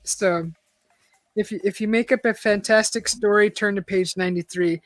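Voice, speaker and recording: A woman's voice: mid-range voice, steady tone, normal speed, no room sound, faint music behind. A woman hosting a casual live-stream, reading a choose-your-own-adventure book aloud, chatting and laughing often.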